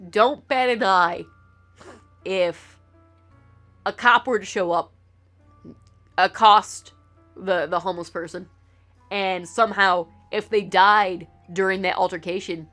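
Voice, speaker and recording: A woman's voice: fairly low pitch, fairly bright tone. A woman hosting a let's play, congested and talking in a rambling, opinionated way, swearing now and then during casual gaming commentary.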